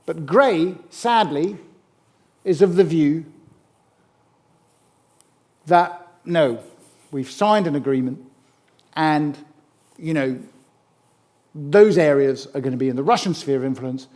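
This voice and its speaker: A middle-aged man giving a public history lecture, animated and emphatic, with wry asides. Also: a little high, slow, pauses often. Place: lecture hall.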